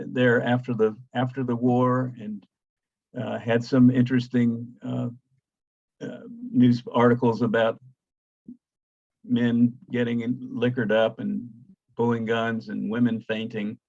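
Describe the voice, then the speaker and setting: An older male archaeologist giving a slide presentation, halting and restarting often, with many fillers, calling for the next slide. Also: mid-range voice, creaky, a little mellow, no room sound, lo-fi sound. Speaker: guest lecturer, archaeologist.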